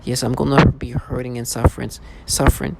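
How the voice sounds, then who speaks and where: A man's voice: mid-range voice, flat delivery, a little fast, vocal fry. A man delivering an agitated, accusatory monologue in a repetitive style. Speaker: vlogger. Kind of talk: angry monologue. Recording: noisy background.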